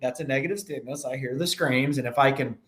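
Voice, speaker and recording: Animated male podcast guest. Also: medium pitch, quick pace. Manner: animated, acts out anecdotes in voices. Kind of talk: casual podcast conversation.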